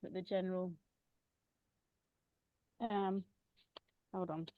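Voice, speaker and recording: A woman gently describing her children's massage work, pausing often with ums. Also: fairly low pitch, little pitch movement, no room sound, narrow, tinny audio. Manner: gentle, hesitant with many ums. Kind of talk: casual conversational sharing.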